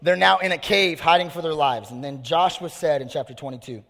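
A man preaching a casual, energetic youth sermon from a stage in a large hall. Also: fairly high pitch, fairly quick, vocal fry. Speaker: youth pastor. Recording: long hall reverb.

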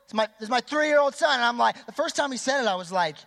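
High-voiced young pastor in a reverberant hall. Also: male voice, quick pace, gravelly. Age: 20s. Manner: energetic, chatty, quizzes and polls the crowd. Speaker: youth pastor. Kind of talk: youth sermon.

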